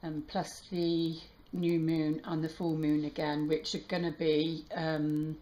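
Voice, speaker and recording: A woman tarot reader talking warmly to her viewers, halting and emotional, with many restarts. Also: sits low, little pitch movement. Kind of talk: casual heartfelt channel talk.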